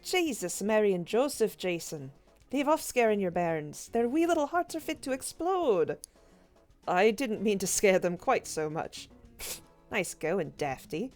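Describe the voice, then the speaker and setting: A woman's voice: medium pitch, sing-song, unhurried, darkish tone, faint music behind. A woman voicing an exasperated mother, scolding her husband for frightening the children.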